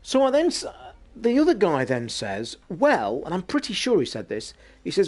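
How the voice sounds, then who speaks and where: Male podcast host, fairly high voice, sweary and animated, casual rant delivery. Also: normal speed. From England. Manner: sweary, animated, swings from loud outbursts to low asides.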